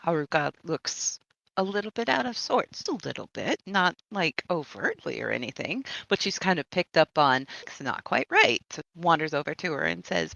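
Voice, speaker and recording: A woman player in a tabletop game, talking in an animated way and laughing often. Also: low voice, moderate pace, creaky, dry recording.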